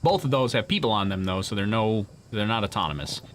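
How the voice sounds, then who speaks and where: Talking fast and animatedly, a man with a lower-than-average voice hosts a live launch stream, answering questions from chat. He rambles, laughs, and restarts often, and there's a faint hiss or hum in the recording.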